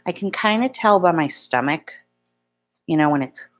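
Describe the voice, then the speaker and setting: A woman's voice: lowish voice, lively intonation, normal speed. A woman in her fifties, chatting casually and rambling as she talks to her viewers by name at home. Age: 50s. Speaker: beauty vlogger. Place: home in Florida.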